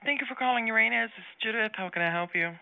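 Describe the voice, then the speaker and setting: A woman's voice: fairly high pitch, rapid-fire, gravelly. A woman answering a shop's phone, speaking in a firm and curt way, with dull lo-fi audio. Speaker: shop phone clerk. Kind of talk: customer service call.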